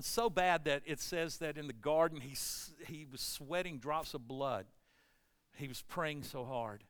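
Impassioned high-voiced male preacher. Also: clean tone. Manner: impassioned, swinging from hushed to emphatic. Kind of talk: sermon.

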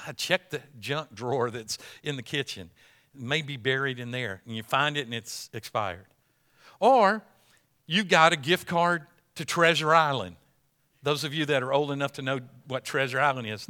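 A man's voice: medium pitch, animated, moderate pace, bright, forceful tone. A middle-aged male pastor giving a sermon, moving between folksy everyday stories and emphatic, repeated declarations. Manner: folksy storytelling, swelling to emphatic preaching.

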